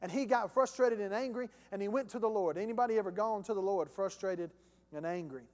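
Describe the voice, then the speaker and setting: A man's voice: high voice, a little fast, a little mellow. A man preaching a sermon as pastor, impassioned and calling out to his congregation. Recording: long hall reverb.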